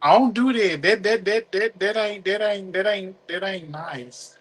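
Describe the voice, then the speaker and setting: Man, high voice, jokey, laughs easily, casual chat. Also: a little slow, fairly bright tone.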